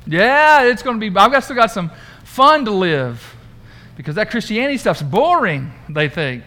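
Male preacher, high voice, chatty and animated, quizzing his congregation. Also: moderate pace. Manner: conversational, animated, asks the congregation questions. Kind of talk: sermon. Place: church room.

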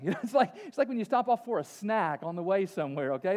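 High-voiced preacher in a reverberant hall. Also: male voice, fast, hardly any pauses. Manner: animated preaching, swings from loud exclamations to near whispers. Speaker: pastor. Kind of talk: sermon.

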